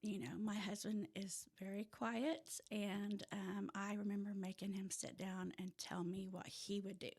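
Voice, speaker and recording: A woman from rural Oklahoma with an Oklahoma accent, a podcast guest telling her personal story in casual chat, lively and sometimes dropping to a near-whisper. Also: mid-range voice, a little slow, few pauses, slightly rough. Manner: animated storyteller who drops to a hush at tense moments. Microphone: audio-only podcast mic.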